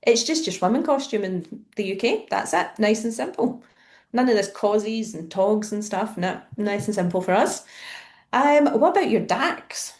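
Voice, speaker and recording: A woman's voice: mid-range voice, expressive, normal speed, darkish tone. A woman from Scotland with a Scottish accent, a guest in a casual podcast chat, asking questions and laughing easily.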